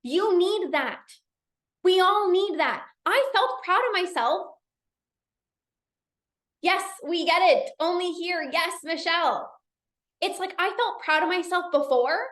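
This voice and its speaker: A woman coach talking casually in a live session, energetic and chatty with many restarts. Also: very high-pitched, slow, long pauses, reverberant. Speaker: binge eating coach hosting a live session. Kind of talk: casual live-stream talk.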